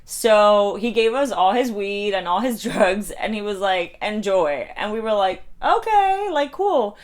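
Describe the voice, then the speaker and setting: A woman's voice: medium pitch, unhurried. A young American woman in her twenties telling a story to her phone camera in a casual chatty way, filling her speech with "like" and acting out the voices of other people. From United States. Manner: chatty, heavy use of "like", acts out quoted voices. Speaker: vlogger.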